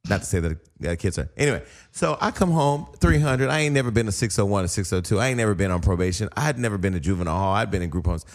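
A man telling profane, animated stories in a casual podcast chat, acting out the quotes. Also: on the low side, very fast, few pauses. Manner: animated, profane storyteller who acts out quotes. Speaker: podcast co-host.

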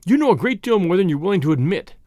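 A man's voice: sits high, very animated, fast talker, no room sound, clean studio sound. A man reading an audiobook, voicing a bullying middle-aged businessman who snarls out his suspicious questions. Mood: angry. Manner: snarling, forceful, impatient.

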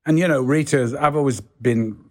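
An older English man with a soft northern Yorkshire accent, a guest actor telling rambling stories in casual chat, full of "you know"s. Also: medium pitch, normal speed. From England. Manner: rambling storyteller, many "you know"s, does voices in quotes.

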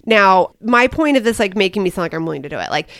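A woman's voice: medium pitch, animated, fast talker, fairly bright tone, no echo, studio quality. A middle-aged woman co-hosting a parenting podcast, telling family stories in a chatty way. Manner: chatty storytelling, acts out her daughter's lines. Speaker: podcast co-host. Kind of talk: casual parenting chat.

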